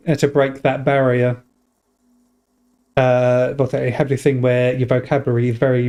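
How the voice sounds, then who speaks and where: A man's voice: medium pitch, a little mellow. A young man streaming a game, chatting casually with viewers, rambling and laughing often. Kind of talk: casual gaming commentary.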